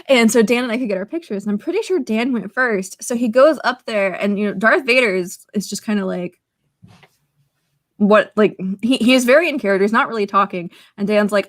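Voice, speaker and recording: Chatty higher-voiced woman podcaster. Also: fairly quick, dry recording. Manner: excitable and chatty, strings stories together with "like". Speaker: podcast co-host. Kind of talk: casual podcast chat.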